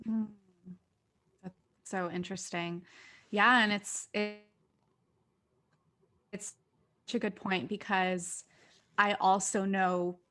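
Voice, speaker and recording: A woman's voice: lowish voice, a bit bright. A woman co-hosting a casual conversation, thinking aloud in a reflective way and leaning on fillers like "like" and "you know". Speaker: co-host.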